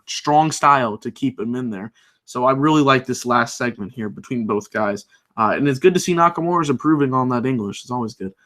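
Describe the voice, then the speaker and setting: A man's voice: medium pitch, bright, forceful tone. A young man recapping a wrestling show in a casual, rambling video review, full of fillers and restarts. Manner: rambling, filler-heavy, enthusiastic.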